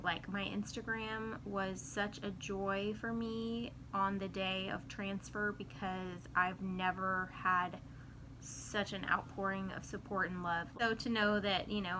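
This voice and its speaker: A woman talking candidly to camera in a casual personal vlog, soft-spoken and heartfelt. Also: medium pitch, background noise. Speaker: vlogger.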